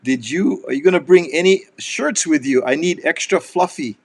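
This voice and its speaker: A man's voice: fairly high pitch, normal speed. A man hosting a casual interview, teasing his guest and laughing often. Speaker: host.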